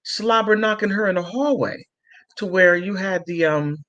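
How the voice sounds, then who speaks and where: A man's voice: sits high, moderate pace, a bit bright, dull audio. A man hosting a livestream, casually reading viewer comments aloud, giggling often and rambling with many fillers. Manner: giggly, laughs often between remarks; loose and rambling, full of fillers. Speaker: livestream host.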